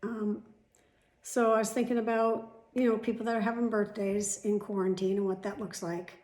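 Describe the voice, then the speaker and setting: A woman's voice: mid-range voice, flat delivery, moderate pace, darkish tone. A middle-aged woman vlogging at home, chatting casually to the camera with rambling asides and the odd swear word. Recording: echoey room.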